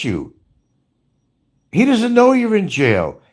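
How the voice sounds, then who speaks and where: A man's voice: high voice, huge pitch swings, takes it slowly, pauses often. A man ranting angrily in commentary, swearing often and firing scolding rhetorical questions. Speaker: commentary streamer.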